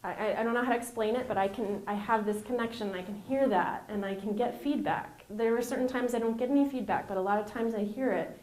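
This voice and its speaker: A woman, interviewed as a guest, speaks with a somewhat high voice. She tells her story candidly and conversationally, with frequent laughter. The recording has a noticeably roomy echo. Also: fast talker, darkish tone. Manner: earnest, conversational, laughs often.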